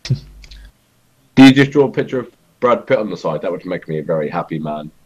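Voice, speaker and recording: A man with a husky voice, joking around as a player in a tabletop game. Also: sits low, expressive, moderate pace, darkish tone, muffled recording.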